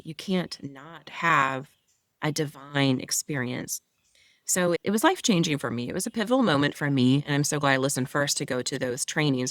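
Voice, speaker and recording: A woman's voice: deep voice, dry recording, clean studio sound. A woman yoga teacher and mentor, a guest in an interview, explaining her practice in an enthusiastic, flowing way. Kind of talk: interview conversation.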